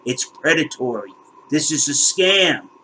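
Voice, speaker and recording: A man with a voice a touch higher than most talks with heated exasperation, tripping over repeated words and swearing as he walks through figures on screen. A faint noise sits under the recording. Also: very animated, a little slow, sharp tone, poor audio. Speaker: crypto channel host. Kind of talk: ranting screen walkthrough.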